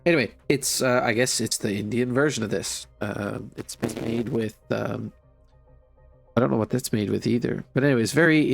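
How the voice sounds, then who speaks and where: A man's voice: medium pitch, vocal fry. A congested man streaming a game, chatting casually in a wry, rambling way with many fillers. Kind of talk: casual gameplay commentary.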